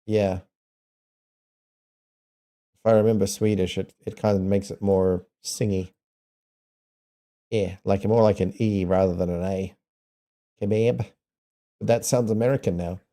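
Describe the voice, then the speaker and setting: A man's voice: low voice, steady tone, a little slow, pauses often, dark tone. A man with a New Zealand accent chatting casually with viewers, playfully sounding out foreign words and laughing often. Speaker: streamer.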